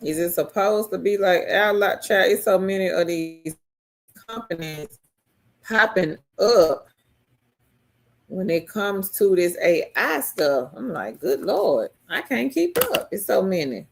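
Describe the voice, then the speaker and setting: Slow-talking woman hosting a live chat. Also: gravelly. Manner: reads viewer comments aloud and answers them, chatty; pitch leaps high when excited. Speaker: live stream host. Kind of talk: casual live-stream chat.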